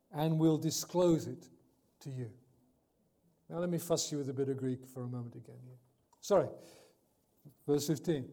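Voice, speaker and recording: A man preaching a sermon, reading scripture and explaining it, pressing his points hard and then dropping to a quiet close. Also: fairly high pitch. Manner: emphatic, swings between loud and soft; reads scripture aloud, corrects himself.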